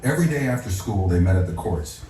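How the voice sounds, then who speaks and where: A man narrating a scripted story in a steady, dramatic way. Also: deep voice, quick pace. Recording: echoey, distant, faint music.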